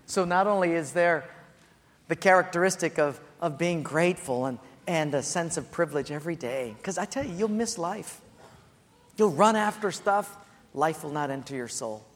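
A man preaching a sermon as pastor, earnest and repetitive, dropping soft and low on his key points. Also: lively intonation, moderate pace. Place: church sanctuary. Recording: echoey hall.

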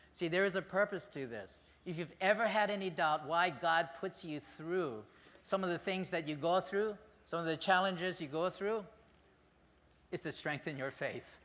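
A man pastor giving a conversational, animated sermon in a church sanctuary. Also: on the high side, moderate pace, long reverb tail.

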